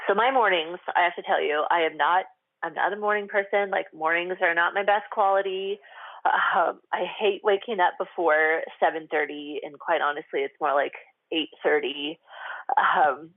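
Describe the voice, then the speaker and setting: A woman hosts her own radio show and talks frankly about her life in a loose, confessional way, full of "like" and "um". Her voice sits a little low. It comes over a narrow, phone-like line with a dry sound and no room echo. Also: fairly even intonation, normal speed. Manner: chatty and confessional, heavy with "like" and "um". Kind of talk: candid solo talk on a radio show.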